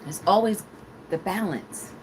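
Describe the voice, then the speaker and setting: A woman's voice: mid-range voice, a little slow, a little hiss or hum, poor audio. A woman hosting a casual live-stream talk show, chatting with viewers in a playful, dramatic way. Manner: animated, playful, dramatic exclamations. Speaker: talk show host reading live chat.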